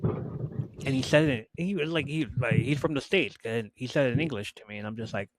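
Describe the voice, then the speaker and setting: A man hosting a podcast, telling a lively family story in casual chat and putting on his relatives' voices. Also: mid-range voice, brisk, no echo, rough recording. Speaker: podcast host.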